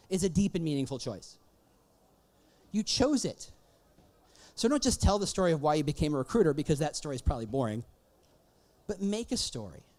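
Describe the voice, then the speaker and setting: A man's voice: high voice, darkish tone. A man giving a conference talk, wry and teasing, firing rhetorical questions at the audience. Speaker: conference speaker. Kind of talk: keynote talk. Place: conference stage.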